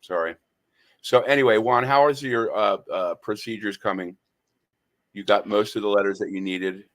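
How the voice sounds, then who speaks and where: A man's voice: on the low side, normal speed, a bit bright. A man hosting a talk radio show, telling stories in a rambling, hesitant way. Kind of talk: casual talk radio chat.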